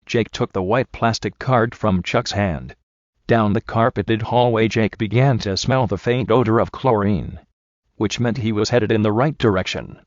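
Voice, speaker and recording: A man narrating an audiobook in a steady, even way. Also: lowish voice, normal speed, dry recording, lo-fi sound. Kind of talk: scripted narration.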